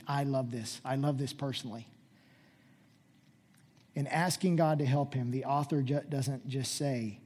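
A man preaching a sermon as pastor, reading scripture quietly and then rising to loud, urgent exhortation. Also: mid-range voice, slightly rough.

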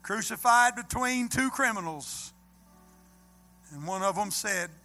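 Pastor preaching slow and fired up, bright high voice, faint music behind. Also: male voice, expressive. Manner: impassioned preaching, swings from loud to hushed. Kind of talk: sermon. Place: church sanctuary.

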